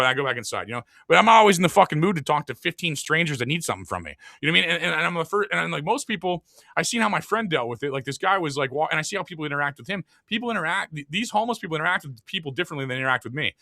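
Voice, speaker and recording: Rapid-fire rambling male host. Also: on the high side, big pitch swings, pushed and bright, no room sound, clean studio sound. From lives in Saint Louis. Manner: rambling, profane, many filler words. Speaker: podcast host. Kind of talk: casual chat.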